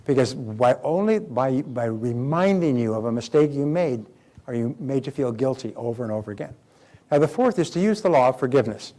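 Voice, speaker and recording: A man giving a live motivational seminar talk, animated, acting out quoted dialogue. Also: mid-range voice, brisk. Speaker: motivational speaker.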